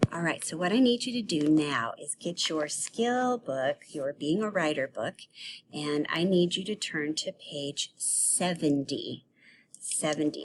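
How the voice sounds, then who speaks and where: A woman teaching a children's grammar lesson on video, playful and animated, acting out example sentences. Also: sits low, slight background noise.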